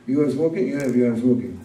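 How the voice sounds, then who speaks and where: A man giving an informal sermon as a sheikh, speaking in a plain, halting way and repeating words for emphasis. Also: medium pitch, dark tone. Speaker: sheikh teaching a religious talk. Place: gathering room at a summer camp. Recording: roomy room, distant mic.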